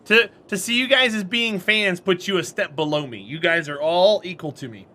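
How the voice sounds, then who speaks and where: A man's voice: sits high, moderate pace, sharp tone. A man streaming a game and chatting casually with his viewers, friendly and talkative, answering chat by name and laughing often.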